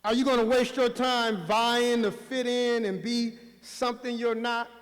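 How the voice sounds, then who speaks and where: Man, high voice, slow rousing commencement speech, preacher-like repetition, echoey hall. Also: little pitch movement. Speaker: school staff speaker at a graduation. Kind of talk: commencement speech with call-and-response chants. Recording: echoey hall with long reverb.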